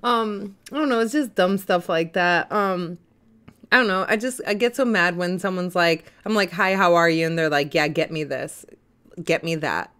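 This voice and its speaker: Bright-voiced chatty woman. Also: mid-range voice, clear, resonant tone. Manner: chatty, rambling, quick to laugh. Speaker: podcast host. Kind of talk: casual chat.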